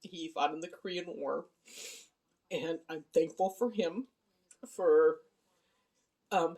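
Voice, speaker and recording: A middle-aged woman giving a casual personal video update from her home, speaking softly and haltingly with many ums and apologies. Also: low-pitched. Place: at home, indoor living room. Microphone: handheld phone camera.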